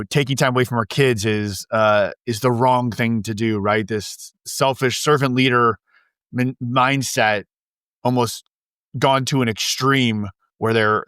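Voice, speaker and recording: A male podcast host asks long questions in a casual, rambling way, often restarting his sentences. His voice is clear and resonant, at a middle pitch. The sound is close and dry. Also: a bit bright, dry recording. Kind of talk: casual interview.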